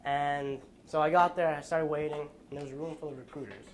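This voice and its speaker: A young man giving a school presentation, telling a personal story in an earnest, halting way with restarts, sounding tired. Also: on the high side, steady tone, slight background noise. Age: young adult. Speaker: student presenter.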